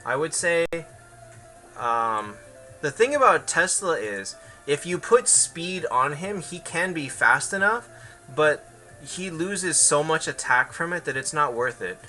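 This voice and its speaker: A man's voice: on the high side, animated, unhurried, bright, forceful tone. A man streaming a game and answering viewers in casual, hesitant chat full of fillers, with faint music behind.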